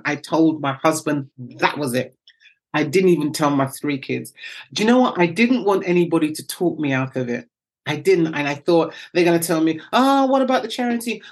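A middle-aged woman from the UK tells her story with animated energy, acting out the voices of others. Her voice sits on the low side and sounds a little husky. Her pitch swings widely as she talks. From United Kingdom. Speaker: guest. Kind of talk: storytelling interview.

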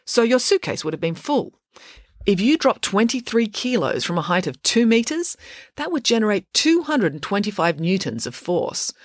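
A woman's voice: medium pitch, sing-song, normal speed, dry recording, studio quality, pitched above the performer's own voice. A woman voicing a clever, precise schoolgirl detective who reasons step by step. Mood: deductive. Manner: crisp, logical, deducing step by step.

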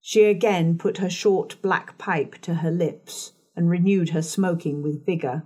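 Calm, unhurried woman narrator. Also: on the low side, husky. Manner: measured, calm. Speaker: audiobook narrator. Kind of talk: scripted narration.

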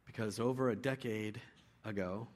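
A man pastor giving a sermon in a relaxed storytelling way, with frequent restarts. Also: lowish voice, normal speed.

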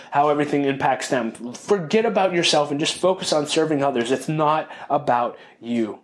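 A man hosting a podcast, speaking earnestly and reflectively in a monologue about lessons he learned, often restarting and repeating key phrases. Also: a little high. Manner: openly emotional, calls himself sensitive. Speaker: podcast host.

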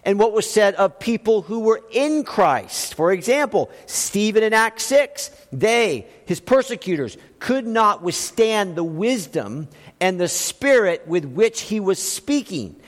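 High-voiced preacher in a reverberant hall. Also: male voice, very animated, measured pace. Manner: emphatic preaching with rhetorical questions. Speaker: pastor. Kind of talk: sermon.

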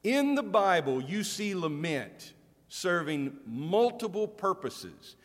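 Candid middle-aged pastor in a reverberant hall. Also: male voice, high-pitched, very animated, slow. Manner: candid, self-deprecating, conversational preaching with frequent restarts. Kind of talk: sermon.

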